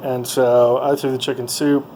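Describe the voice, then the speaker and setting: A man of middle pitch telling a travel story in a loose, meandering way, full of ums and uhs. A faint hum of noise sits under his voice. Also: flat delivery, moderate pace, darkish tone, rough recording. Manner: rambling, lots of ums and uhs. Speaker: vlogger.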